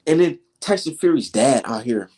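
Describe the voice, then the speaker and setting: In loose, casual commentary, a man rants about boxing with a mellow, animated, mid-range voice at a moderate pace. Heated and profane, he keeps firing rhetorical questions and lets out short laughs between points.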